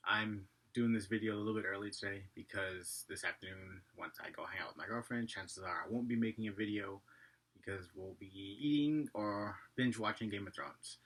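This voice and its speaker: A man's voice: fairly low pitch, a bit bright, breathy edge. A man with a slight Asian accent, talking casually to camera in a rambling vlog, often correcting himself. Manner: rambling, self-correcting, talks fast. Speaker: vlogger.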